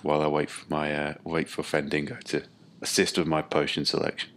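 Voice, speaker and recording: Very deep-voiced man playing a tabletop game. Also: monotone, fairly quick, a bit bright, slight background noise. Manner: dry, profane asides. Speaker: player. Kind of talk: casual tabletop chat.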